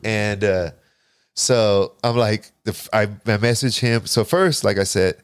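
A man in his forties shares his life story as a podcast guest, his voice sitting very low. He talks casually and animatedly, acting out his own past lines and swearing freely. The recording is close and dry. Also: a little slow, clear, resonant tone, dry recording. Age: 40s. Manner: animated, profane, restarts and quotes himself.

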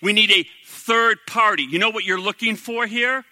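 A middle-aged pastor delivers his sermon in a lively, conversational style, peppering the congregation with rhetorical questions. His voice sits high and moves at a normal speed, and the recording is dry.

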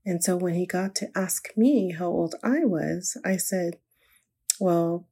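Low gravelly grandmother telling a story. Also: a little slow, dark tone. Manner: earnest, reflective. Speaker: grandmother sharing a faith story. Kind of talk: inspirational personal storytelling.

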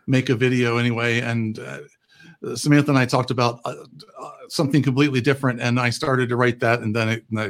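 A man speaking as a podcast guest, chatting casually in a wry, self-deprecating way. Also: medium pitch.

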